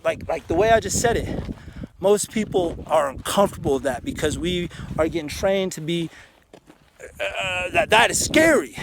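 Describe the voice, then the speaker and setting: A man's voice: high-pitched, noisy background. A man vlogging outdoors in a canyon, giving a casual motivational talk that is earnest, frank and full of swearing. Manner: earnest, frank and profane, with many restarts.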